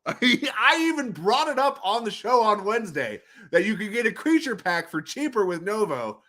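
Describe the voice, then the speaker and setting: A man hosting a casual livestream with a bright, forceful voice. He rambles, laughs often and swears, and his pitch swings widely as he jumps into loud, high outbursts. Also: sing-song, normal speed, hardly any pauses. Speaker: livestream host.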